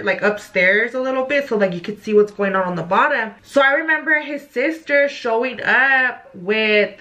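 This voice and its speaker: Young woman vlogger, sharp bright tone, slightly high, casual profane storytime. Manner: animated, profane, full of "like".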